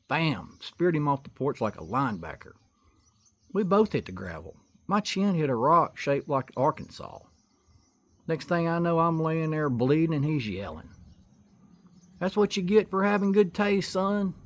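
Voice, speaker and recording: A man telling comic childhood stories in a folksy, exaggerated way. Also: medium pitch. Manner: folksy, exaggerated, building to excited outbursts. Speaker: storyteller comedian. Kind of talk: comic storytelling monologue.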